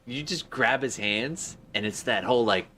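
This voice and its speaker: A man's voice: medium pitch, moderate pace. A man running a tabletop game as game master, describing the action animatedly. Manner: animated, vivid scene-setting with frequent laughter.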